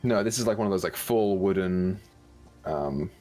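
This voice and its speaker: A man's voice: low-pitched, normal speed, dark tone, soft background music. A man narrating as game master in a tabletop game, loose and casual, with many fillers.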